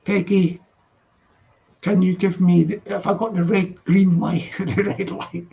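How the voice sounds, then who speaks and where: Bloke doing a late night stream, chatty and jokey, high raspy voice, kinda muffled audio. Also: male voice, flat delivery, normal speed, mellow. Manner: chatty, laughs often, teasing. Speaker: live stream host reading chat. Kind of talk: casual late-night chat.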